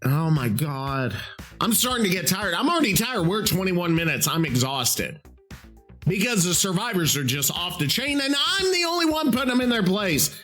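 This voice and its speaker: A man runs his podcast alone, ranting with exasperation and frequent swearing. His voice sits high and swings widely in pitch as he vents. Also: big pitch swings, moderate pace, fairly bright tone, faint music behind. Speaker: podcast host. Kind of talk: solo podcast rant.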